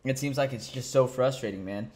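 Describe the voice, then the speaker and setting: A man's voice: medium pitch, a little fast, darkish tone, breathy edge. A young man co-hosting a fight podcast, talking in a loose, sleepy, laid-back way and swearing freely. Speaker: podcast co-host. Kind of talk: casual chat.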